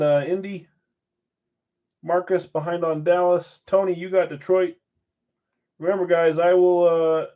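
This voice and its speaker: A fairly high-voiced man hosts a live-stream card break, rattling off names and assignments in a brisk roll call. He drops casual chatty asides between the calls. The sound is dull and lo-fi, like stream audio. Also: darkish tone.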